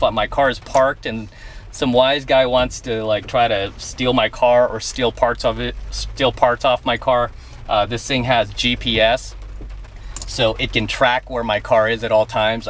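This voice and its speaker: A man's voice: fairly low pitch, fairly bright tone, slight background noise. A man vlogging outdoors beside his car, telling a story and giving blunt advice, often checking in with "okay?". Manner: emphatic, blunt, keeps asking "okay?". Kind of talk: casual storytelling and advice to camera.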